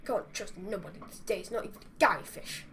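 Her voice is mid-range and fairly quick, with background noise around it. Giving commentary on her game, this woman chats away in exasperation and talks directly to the on-screen creatures.

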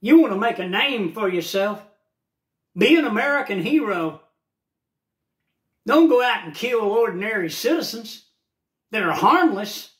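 Fired-up older man, high voice. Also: animated, measured pace, long pauses, fairly bright tone, echoey room. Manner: heated, repetitive and plain-spoken. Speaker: vlogger. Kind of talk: casual political rant to camera.

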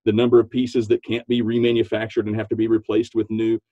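Animated man with a mellow, lo-fi sound. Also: fast talker, no room sound. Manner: animated, laughs often, acts out quotes in a high voice. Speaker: podcast guest, business coach. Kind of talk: enthusiastic interview talk.

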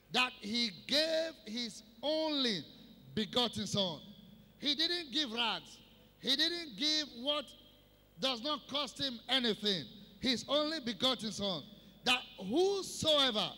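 A man preaching a Christmas sermon, slow and emphatic, repeating key phrases for the congregation. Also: very high-pitched, sharp tone. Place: church service hall. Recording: long hall reverb.

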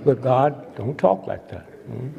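A man's voice: mid-range voice, sing-song, measured pace, creaky, narrow, tinny audio, heavy background noise. An older man giving a humorous lecture to a live audience, sly and teasing, constantly prodding the crowd with "hmm?". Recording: long hall reverb.

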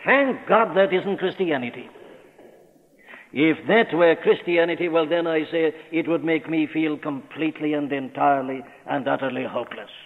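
A man preaching a sermon, earnest and emphatic, posing rhetorical questions, from an old radio broadcast recorded in a church. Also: fairly high pitch. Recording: old radio broadcast recording in a large hall, thin and phone-like.

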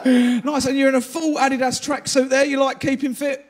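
A man's voice: very high voice, level tone, normal speed, heavy background noise. A man doing a stand-up comedy set in a live venue, trading crude, self-deprecating banter with the crowd.

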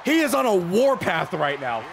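Excitable high-voiced man streaming a game. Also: normal speed, vocal fry, noisy background. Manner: excitable, swearing play-by-play with bursts of laughter. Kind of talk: live-stream gameplay commentary.

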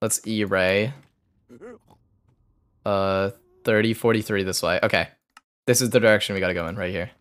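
A man's voice: fairly low pitch, steady tone, moderate pace, long pauses, fairly bright tone, clear, resonant tone. A young man streaming a game, muttering a loose running commentary to himself as he plays. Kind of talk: live gameplay commentary.

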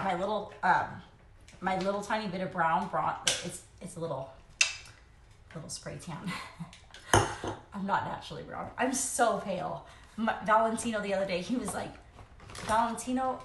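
A woman's voice: fairly low pitch, slight background noise. A young woman chatting casually into her phone camera at home while doing her makeup, rambling and laughing often. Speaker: vlogger, mom of three. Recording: echoey room.

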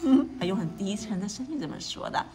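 A woman's voice: medium pitch, expressive, fast talker. A woman reading a storybook aloud to a child, explaining each page and often asking the child questions. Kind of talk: bilingual read-aloud.

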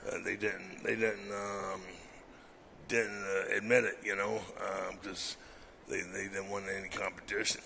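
A middle-aged man, a veteran fighter, talking in a laid-back, halting way with lots of fillers. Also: sits low, level tone, sharp tone, a little hiss or hum. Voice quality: gravelly. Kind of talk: casual chat.

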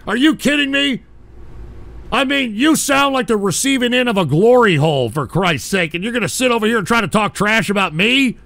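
Loud profane male call-in host. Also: high-pitched, vocal fry. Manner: loud, profane, exasperated ranting. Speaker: host of a call-in comedy show. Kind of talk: crude comedic call-in radio rant.

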